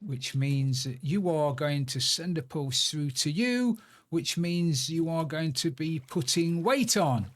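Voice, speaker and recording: A man's voice: fairly high pitch, animated, takes it slowly. A man streaming a building game, muttering to himself as he works and chatting in asides. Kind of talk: casual live-stream chat while playing.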